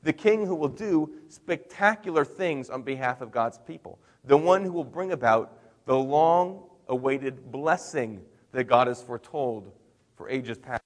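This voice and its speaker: Middle-aged pastor preaching conversationally. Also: male voice, medium pitch, measured pace, in a large hall. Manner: conversational preaching with swings in loudness and emphasis. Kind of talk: sermon.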